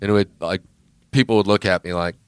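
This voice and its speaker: A man co-hosting a casual chat, an animated storyteller. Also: deep voice, fast talker, smooth, no echo.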